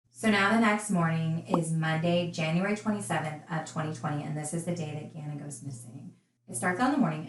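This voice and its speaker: A woman's voice: low voice, echoey room, slight background noise, low-quality recording. A woman casually recounting a true crime case, chatty and indignant in her asides.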